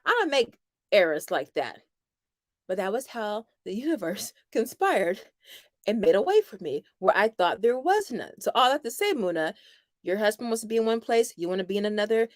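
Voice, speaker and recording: A chatty middle-aged woman with a fairly high voice, hosting a casual talk with her viewers. She tells stories in an animated way and acts out the lines people said. The sound is dry and close. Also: no echo. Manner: chatty, animated storytelling with playful quoted voices. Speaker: homeschool channel host. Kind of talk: casual livestream chat with viewers.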